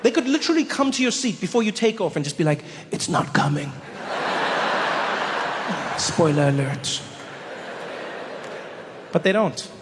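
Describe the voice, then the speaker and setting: A man performing a stand-up comedy set, telling stories in an animated way with sudden exaggerated voices. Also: high-pitched, normal speed, pauses often. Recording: long hall reverb, faint noise.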